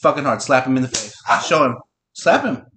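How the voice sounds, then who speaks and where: A man's voice: medium pitch, big pitch swings, fairly quick, fairly bright tone, a little hiss or hum. A middle-aged man hosting a podcast and telling a long story in a casual, profane, teasing way. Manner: profane, teasing, talks to his listener directly. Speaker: podcast host.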